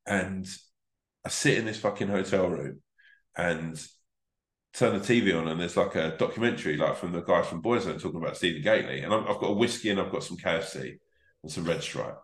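Low-voiced male comic, rambling sweary anecdotes, roomy echo. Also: a little fast. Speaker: comedian guest. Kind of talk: casual podcast storytelling.

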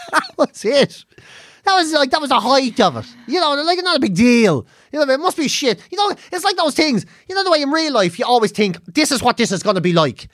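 A man's voice: very high-pitched, brisk, no echo, studio quality. A middle-aged Irish man, a podcast co-host, telling stories in casual chat with lots of swearing. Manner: animated storytelling, swears a lot.

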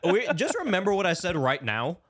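Young male podcast co-host, animated and sarcastic, dry studio sound. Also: high voice, fairly quick, no echo. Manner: animated, swearing, mocking impressions. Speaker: podcast co-host recapping a movie. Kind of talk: casual chat.

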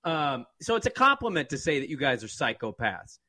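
A man's voice: a little high, very animated, bright, forceful tone, dry recording. A man from the West Coast co-hosting a sports podcast, opinionated and joking in casual chat. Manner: opinionated, joking, quick asides.

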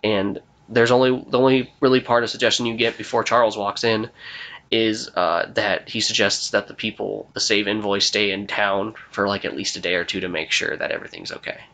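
A man's voice: fairly low pitch, a little fast. A young man running a tabletop game as game master, rambling with lots of fillers. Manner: rambling, filler-heavy, relaxed. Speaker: game master and podcast host.

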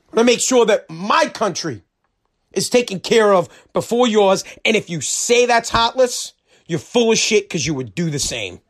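An American man hosting a podcast, delivering a heated, profane, combative rant on his own. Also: high-pitched. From United States. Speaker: podcast host.

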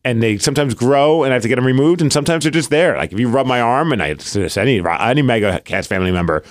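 A man co-hosting a podcast in casual chat, an animated storyteller who laughs often. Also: medium pitch, fast talker, no room sound. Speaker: podcast co-host.

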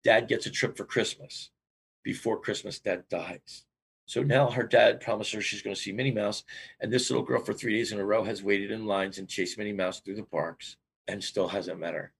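A man guest on a podcast, telling a long personal story in an animated way with big swings in pitch. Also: moderate pace, creaky, breathy edge. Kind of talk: storytelling interview.

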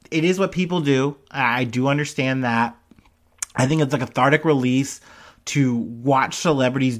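A man's voice: mid-range voice, a bit bright. A young man hosting a casual news commentary, rambling with lots of fillers and frequent swearing. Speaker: commentary host.

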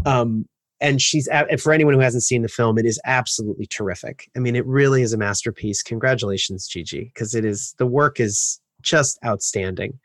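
An interviewer praising a film with eager, halting enthusiasm before asking questions. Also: medium pitch, no room sound, studio quality. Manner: enthusiastic, many fillers and restarts. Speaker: interviewer, podcast host.

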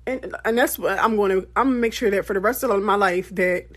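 A woman giving a candid motivational monologue, blunt and emphatic, often profane, with lively swings in pitch. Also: fairly quick. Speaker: motivational speaker.

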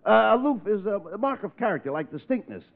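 A straight man in a vintage radio routine, explaining and scolding with exasperated bursts. His fairly high, gravelly voice rises and falls a lot, and the broadcast is tinny and thin. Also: sing-song, fast talker. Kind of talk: 1940s radio comedy.

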